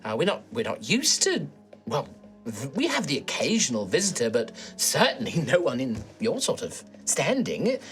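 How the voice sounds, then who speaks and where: A man's voice: mid-range voice, wildly swooping pitch, normal speed, a bit bright, soft background music. A man voicing a fussy, flustered halfling woman in her sixties who stammers and chirps politely in a tabletop game.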